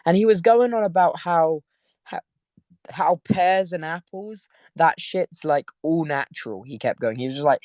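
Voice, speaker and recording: A man's voice: on the high side, normal speed, darkish tone, no echo, studio quality. Tired, rambling young Englishman. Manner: rambling storyteller, laughing, many restarts. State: tired from little sleep. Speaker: host. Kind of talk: casual chat on a live audio stream. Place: sitting in bed at home.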